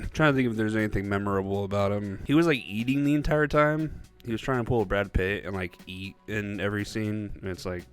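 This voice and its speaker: A young man giving a casual, rambling movie review vlog, animated and quick to laugh. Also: fairly low pitch, smooth, soft background music.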